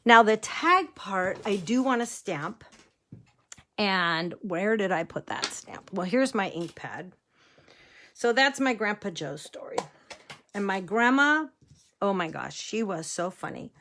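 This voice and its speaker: A woman's voice: medium pitch, big pitch swings, slow pace, a bit bright, slight background noise. A woman demonstrating card making in a casual, chatty way, wandering off into stories and laughing easily. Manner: chatty, rambling storyteller who laughs easily. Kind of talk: casual crafting tutorial chat.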